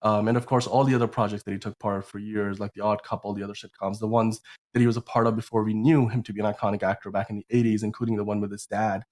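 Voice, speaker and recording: A man's voice: fairly low pitch, flat delivery, fast, a little mellow. Rambling sick-voiced man chatting. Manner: rambling, full of "like" and restarts. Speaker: podcast host. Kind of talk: casual podcast chat.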